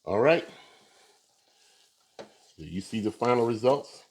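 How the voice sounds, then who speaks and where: A man's voice: medium pitch, slow pace, slight background noise. A man hosting a casual barbecue video, talking viewers through shredding and tasting pork with an easygoing, filler-filled delivery. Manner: relaxed, talks to viewers with many fillers. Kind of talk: casual cooking demonstration.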